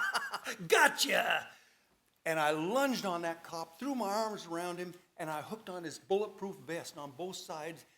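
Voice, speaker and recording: A man stands before a church congregation and tells his own testimony. His voice sits a touch high, and he tells it with drama, rising and falling with the emotion of each moment. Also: a bit bright. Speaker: church member giving testimony. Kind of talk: personal testimony. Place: church service.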